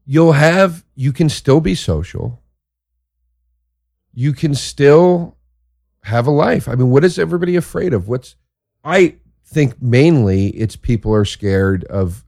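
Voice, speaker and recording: A man who is a comedian hosting a show, telling a crude story in a casual monologue that swings into excited exaggeration. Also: medium pitch, a little slow, gravelly, no room sound, studio quality.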